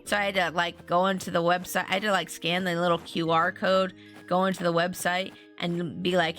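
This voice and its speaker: Chatty woman streamer, bright lower voice. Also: level tone, brisk. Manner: rambling, chatty, often restarting sentences; talks to viewers and reads chat aloud. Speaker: streamer playing a farming game. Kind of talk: casual live-stream chatter. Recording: faint game music underneath.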